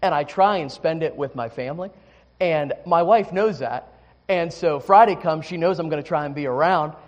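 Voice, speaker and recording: A male pastor with a notably high, light voice delivers a sermon in a candid, conversational way. He stumbles through restarts and fillers while telling a personal story, then settles into teaching. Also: normal speed, muffled recording.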